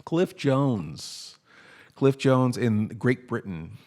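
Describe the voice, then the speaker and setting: A man's voice: mid-range voice, lively intonation, very slow. A man hosting a casual podcast, rambling and joking as he thanks supporters by name. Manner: rambling, self-deprecating, thanks listeners warmly by name. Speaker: podcast host.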